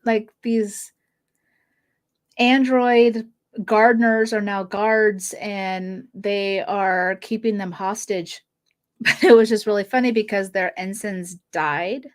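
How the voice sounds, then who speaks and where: A woman hosting a fan podcast, casually reviewing episodes with a chatty, giggly manner and quick quoted asides. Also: medium pitch, steady tone. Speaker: podcast host.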